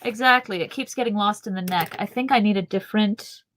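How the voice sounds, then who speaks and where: A woman's voice: mid-range voice, brisk, fairly bright tone, a little hiss or hum. A woman co-hosting a podcast, chatting playfully and laughing easily. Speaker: podcast co-host. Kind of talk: casual chat.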